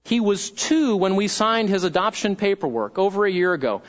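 A man's voice: high-pitched, big pitch swings, moderate pace, muffled recording. A pastor preaching a sermon, talking in a conversational way and asking his congregation questions.

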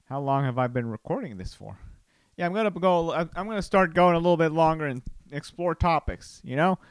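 A man muses aloud on his podcast at home, wandering from thought to thought and slipping into goofy voices. His voice sits a little high and sounds smooth and clean. The mic catches almost no room. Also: lively intonation, no echo. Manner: rambling, playful, does silly voices and quick exclamations. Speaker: podcast host, comedian. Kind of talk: casual solo podcast musing. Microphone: studio microphone.

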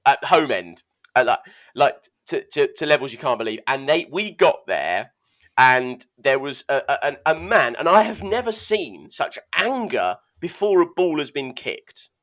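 Young male podcast co-host, very lively in pitch and bright in tone, self-mocking and tripping over words. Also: unhurried. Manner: animated, self-mocking storyteller who stumbles over words. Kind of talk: casual chat.

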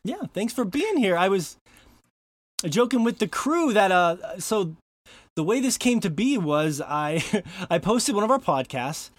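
A man's voice: high voice, no room sound. Joking man hosting a podcast. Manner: joking, laughs often. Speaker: podcast host. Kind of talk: casual podcast chat.

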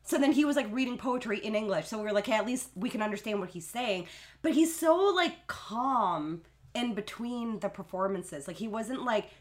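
A woman's voice: medium pitch, lively intonation, moderate pace. A young woman hosting a podcast, telling a long story in casual chat with lots of fillers. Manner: rambling storytelling with many fillers.

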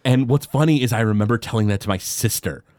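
A man co-hosting a podcast, excitedly recapping a cartoon episode with quick paraphrased quotes and frequent restarts. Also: mid-range voice, no room sound. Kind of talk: casual chat.

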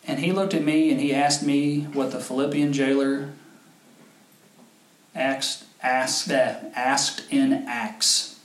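A man's voice: mid-range voice, steady tone, slow pace. A male pastor preaching a sermon, telling a story and rising to fervent emphasis. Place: church sanctuary. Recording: echoey church hall with faint noise.

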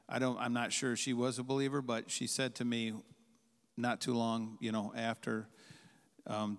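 Candid man telling his story, smooth voice. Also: medium pitch, long reverb tail. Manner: halting, candid, reflective. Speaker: guest. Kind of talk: personal testimony.

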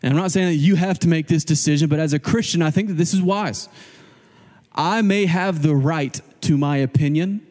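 A male pastor preaching a sermon in a casual, animated way, acting out quoted voices as he goes. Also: on the high side, normal speed, in a large hall.

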